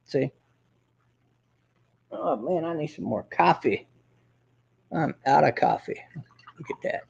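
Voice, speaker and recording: A man's voice: fairly high pitch, animated, slow pace, gravelly, darkish tone, husky, muffled recording. A man hosting his own show, ranting in a profane, combative and boastful way. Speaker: host. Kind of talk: casual ranting monologue.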